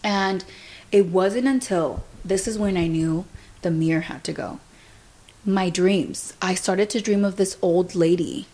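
A woman's voice: fairly low pitch, a little slow, dark tone. A young adult woman hosting a podcast, telling a story in a casual, chatty way and filling her speech with "like". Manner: chatty, fills speech with "like", retells events through quoted dialogue. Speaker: podcast host.

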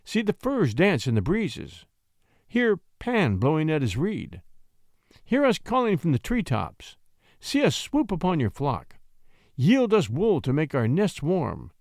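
A man's voice: fairly high pitch, huge pitch swings, unhurried, a little mellow, no room sound, clean studio sound, pitched above the performer's own voice, exaggerated voice. A man voicing an earnest young shepherd poet who speaks with respectful ardor.

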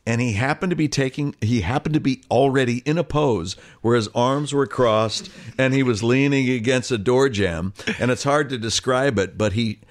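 A man in his sixties, an actor guest telling an animated anecdote and acting out other people's voices. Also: medium pitch, moderate pace, hardly any pauses. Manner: animated storyteller, acts out quoted voices. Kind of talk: conversational anecdote.

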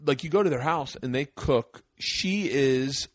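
Here the podcast host takes an unhurried pace, his medium-pitched voice carrying a casual, profane story in which he acts out quotes in a raised voice. The audio is clean studio sound without room noise.

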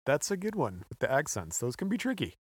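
A man co-hosting a podcast, relaxed as he recounts a history story and laughing often. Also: fairly high pitch, brisk, husky, dry recording, clean studio sound. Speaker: podcast co-host. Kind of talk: casual storytelling chat.

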